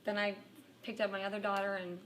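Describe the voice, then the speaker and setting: A woman's voice: mid-range voice, little pitch movement, fast talker, a bit bright, slight background noise. A woman giving a casual personal testimonial to a workshop group, a chatty storyteller who often laughs at herself. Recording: distant mic with room ambience.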